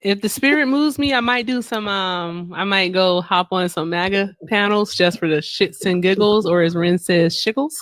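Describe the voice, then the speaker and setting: A sleepy woman hosts a loose late-night group chat and laughs between lines. Her voice is mid-pitched and recorded dry and close, with no room around it. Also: normal speed, few pauses, no room sound. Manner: laughing often, sleepy and playful. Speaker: host.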